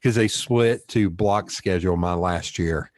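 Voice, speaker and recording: A man with a Southern accent hosting a casual conversational interview and telling rambling stories with quick asides. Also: low voice, no room sound. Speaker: podcast host.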